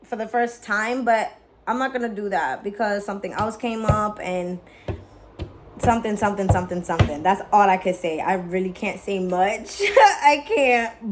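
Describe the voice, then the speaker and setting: A young woman talking straight to camera in an easy, excitable vlog style, peppering everything with "like" and swearing. Her voice sits a little high. A faint background hiss runs under the whole recording. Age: young adult. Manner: candid, profane, lots of "like" fillers; excited, chatty. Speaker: vlogger. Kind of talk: casual vlog chat.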